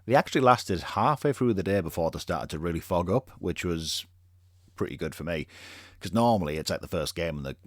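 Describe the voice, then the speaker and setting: A man's voice: low voice, expressive, fairly quick, no echo, studio quality. A man hosting a podcast, telling stories in a rambling, laid-back way, full of fillers and the odd swear word. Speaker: podcast host. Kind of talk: casual chat.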